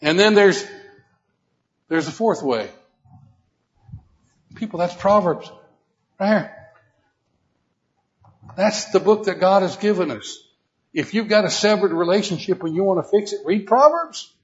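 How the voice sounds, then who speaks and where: A man's voice: high voice, a little slow, pauses often. A man teaching a Bible lesson as a preacher, emphatic and questioning his listeners directly. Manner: emphatic, rising to loud repeated exhortation; asks the audience questions directly. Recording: dull lo-fi recording.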